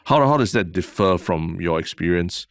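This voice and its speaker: Deep gravelly Singaporean co-host. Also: male voice, animated, moderate pace, dry recording, studio quality. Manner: laid-back, teasing, says "lah". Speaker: podcast co-host. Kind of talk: casual podcast chat.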